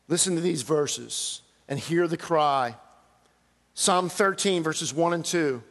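A middle-aged pastor preaches with earnest emphasis, his voice lifting as he reads out pleading verses. He is a man with a fairly high-pitched voice. The sound carries a long reverb from a big sanctuary. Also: slow, a bit bright. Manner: earnest, preaching with rising emphasis on quoted cries. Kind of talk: sermon.

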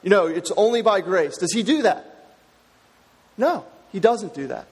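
A man's voice: sits high, lively intonation, measured pace, slightly rough, long reverb tail. A man preaching a sermon as pastor, emphatic and repeating his key phrases for weight.

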